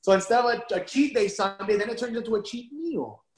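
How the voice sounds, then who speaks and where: A man speaking as a guest in a casual conversation, talking in an animated way and laughing often as he tells stories. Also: sits high, fairly quick. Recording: roomy echo.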